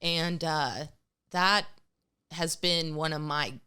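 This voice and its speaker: Her voice is deep, smooth and sharp in tone, with fairly even intonation and a slow pace. She's a middle-aged podcast co-host in a casual, emotional conversation who gets tearful at times and frequently quotes others in their voices.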